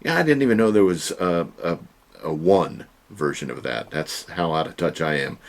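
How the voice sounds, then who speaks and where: A man's voice: sits low, animated, moderate pace. A man hosting a casual home vlog, chatting in a folksy way with joking asides from his storage room. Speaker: online reseller and channel host.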